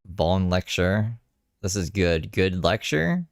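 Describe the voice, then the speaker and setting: A man's voice: low voice, big pitch swings, slow, over music. A man giving rambling, wry commentary on a live stream he is watching. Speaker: streamer reacting to another stream.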